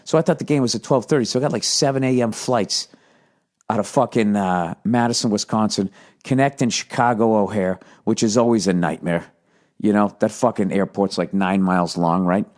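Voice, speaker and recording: A middle-aged man from the United States rambles through a profane story as he hosts his podcast. His voice sits fairly low, and he talks in a loose, offhand way. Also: brisk, darkish tone. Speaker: podcast host. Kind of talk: casual monologue.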